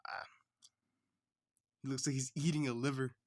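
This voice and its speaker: A man chats casually on a livestream while he draws. He rambles and talks to himself. His voice sits at an ordinary middle pitch. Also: level tone, normal speed, no echo. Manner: rambling, chatty self-talk. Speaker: streamer.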